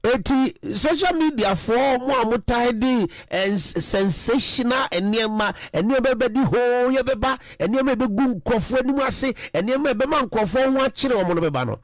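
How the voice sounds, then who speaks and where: A man from Ghana with a Ghanaian accent speaking as a radio presenter. He gives firm advice and explains things deliberately. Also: very high-pitched, dry recording. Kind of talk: radio talk.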